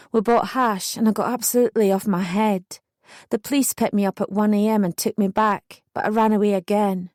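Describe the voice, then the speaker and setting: A woman's voice: medium pitch, mellow, no room sound, clean studio sound. A young woman narrating a true first-person memoir as an audiobook, intense and emotional in her retelling.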